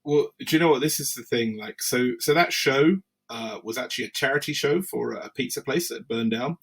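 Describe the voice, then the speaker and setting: A wrestler tells stories on a podcast, animated and acting out what others said. His voice is husky at a middling male pitch. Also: brisk. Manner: animated storyteller, acts out quotes. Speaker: wrestler guest. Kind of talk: casual interview storytelling.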